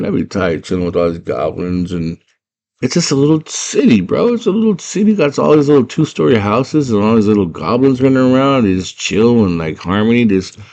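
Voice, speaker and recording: Young dude with a real deep voice hyping up a movie, super casual slangy. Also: male voice. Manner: excited slangy storytelling. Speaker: movie fan retelling a film. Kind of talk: casual chat.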